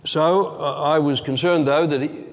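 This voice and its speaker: A pastor delivering a sermon in a church hall, his slightly high voice carrying a long reverb. He tells his story earnestly and drops to a hushed tone when the moment turns tense. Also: steady tone, unhurried.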